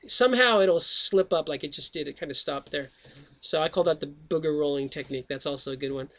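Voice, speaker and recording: A man's voice: high voice, fast. A middle-aged man hosting his own radio show, talking in a chatty, jokey way that jumps between topics before reading a book aloud. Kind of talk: rambling casual monologue and reading aloud.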